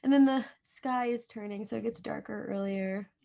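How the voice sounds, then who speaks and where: A woman's voice: fairly high pitch, moderate pace, creaky, dark tone. A young woman with a New Jersey accent, co-hosting a podcast in casual, rambling chat. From New Jersey, USA. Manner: chatty, rambling with lots of "like". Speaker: podcast co-host.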